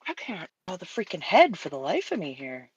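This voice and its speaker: A woman's voice: fairly low pitch, wildly swooping pitch, brisk, breathy edge, no echo, muffled recording. A woman co-hosting a casual livestream chat while drawing, talking candidly and earnestly with frequent restarts. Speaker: livestream co-host drawing on stream.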